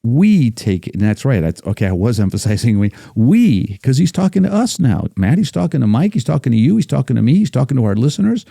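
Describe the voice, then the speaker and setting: A man's voice: medium pitch, very animated, quick pace, gravelly, hardly any pauses, mellow, no room sound, studio quality. A man, a battlefield guide guest on a podcast, speaking emphatically and reciting passages with building force. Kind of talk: casual podcast discussion.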